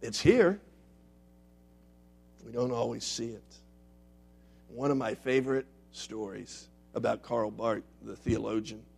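A man preaching a sermon and telling stories. He moves between loud, dramatic lines and hushed, quiet ones. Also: medium pitch, gravelly, breathy edge. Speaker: pastor. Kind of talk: sermon with storytelling.

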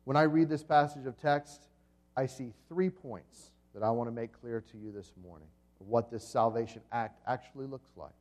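A pastor preaching a sermon to his congregation, telling the story vividly, swinging between loud and soft, and asking the listeners questions. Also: mid-range voice, normal speed. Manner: dramatic storytelling with swings in volume.

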